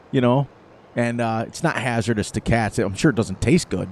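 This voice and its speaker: A man's voice: medium pitch, brisk, a little mellow, a little hiss or hum. A middle-aged man hosting a gaming channel, chatting casually over gameplay and telling rambling stories with frequent laughter.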